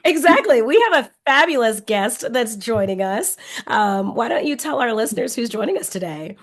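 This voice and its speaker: Hoarse, chatty woman co-host. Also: fairly high pitch, lively intonation, moderate pace. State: hoarse, losing her voice. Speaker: podcast co-host. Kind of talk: casual chat.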